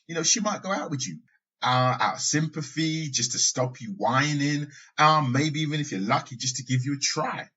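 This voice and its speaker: Husky-voiced man, casual podcast monologue. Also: fairly high pitch, moderate pace, sharp tone. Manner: conversational, with asides and occasional laughs. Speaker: podcast host. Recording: dull lo-fi sound.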